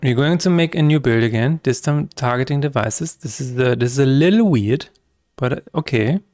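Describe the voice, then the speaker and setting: A man's voice: medium pitch, lively intonation, normal speed, a little mellow, no room sound, clean studio sound, soft background music. A man streaming his game development work, talking through each step aloud in a chatty, self-correcting way. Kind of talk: live-streamed coding chat.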